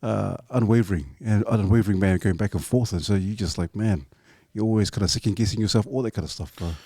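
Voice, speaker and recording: A man's voice: fairly low pitch, fast talker, dark tone, husky, no echo, studio quality. A man, hosting a casual podcast, answering earnestly in a rambling way and restarting his sentences. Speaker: podcast host.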